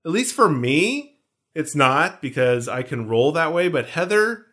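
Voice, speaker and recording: A man's voice: a little high, big pitch swings, unhurried, sharp tone. Guy on a podcast, casual film chat, goes on tangents, pokes fun at himself. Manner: jokey, rambling, self-mocking. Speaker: podcast co-host.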